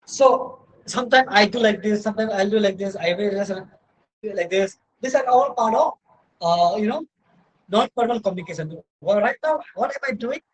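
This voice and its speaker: Speaking at a normal speed with a high, lively voice, this male university lecturer has an Indian English accent and delivers a video lecture from his laptop indoors. He rambles, leaning on "you know" and "right?", and the laptop-mic recording is low quality.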